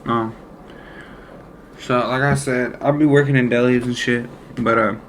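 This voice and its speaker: A young man tells a story from his own life, in loose casual speech. He rambles, swears freely and leans on slang fillers, at an ordinary middle pitch. A faint hum of noise sits under his voice. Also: fairly even intonation, unhurried. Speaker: former deli worker telling a story.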